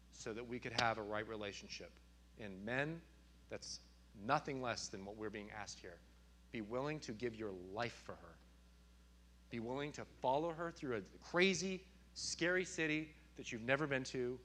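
Bright-voiced male pastor preaching. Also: medium pitch. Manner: animated, acts out stories with loud outbursts. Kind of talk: sermon.

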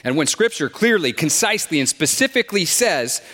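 Pastor, sermon delivery, animated and emphatic, slightly high voice, long hall echo. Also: male voice, fairly quick. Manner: lively, emphatic preaching with rhetorical questions. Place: church sanctuary with a screen.

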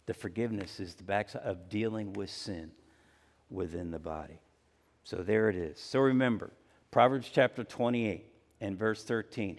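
A male pastor preaching a conversational sermon, acting out everyday apologies in lively asides. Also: lowish voice, long reverb tail. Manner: conversational, acts out everyday apologies with rising energy.

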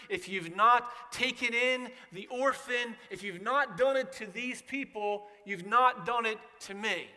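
A man's voice: extremely high pitch, bright, forceful tone, big-room sound. A man preaching a sermon as pastor, earnest and emphatic.

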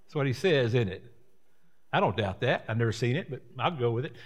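A man's voice: medium pitch, lively intonation, brisk. A man preaching a sermon as pastor, folksy and rambling, with repeated words and chatty asides.

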